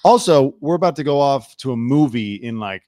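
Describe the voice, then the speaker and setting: A man hosting a casual reaction podcast, talking in a relaxed way and steering the conversation. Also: medium pitch, moderate pace, no room sound, clean studio sound. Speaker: podcast host.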